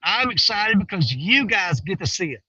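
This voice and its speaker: Animated man, folksy vlog ramble. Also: high voice, normal speed, slightly rough, dry recording, dull audio. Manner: folksy, animated, swings between excited and hushed. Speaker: outdoor fishing vlogger. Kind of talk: casual rambling talk to viewers. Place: outdoors on a riverbank.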